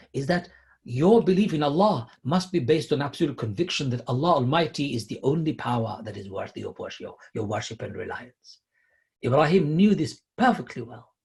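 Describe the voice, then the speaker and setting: A middle-aged man giving a sermon, retelling scripture emphatically, rising loud then dropping to a hush. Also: mid-range voice, breathy edge. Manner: emphatic, swings between loud and hushed. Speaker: preacher.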